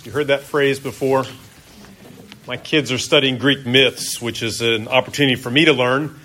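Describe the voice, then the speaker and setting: A man's voice: medium pitch, fairly even intonation, normal speed, sharp tone, a little hiss or hum. Conversational middle-aged male pastor preaching. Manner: conversational, asks the congregation questions. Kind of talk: sermon.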